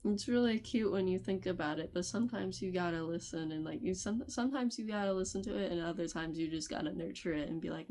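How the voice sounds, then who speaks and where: Low-voiced woman giving casual advice. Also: fast, hardly any pauses, mellow. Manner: talks straight to the viewer, laughing often between points; loose, conversational phrasing with fillers and restarts. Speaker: video creator.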